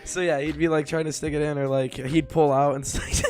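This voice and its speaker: Young man, podcast co-host, rambling casual storytelling, fairly high voice, faint background music. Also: little pitch movement, brisk, a little mellow. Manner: rambling, full of likes and laughs.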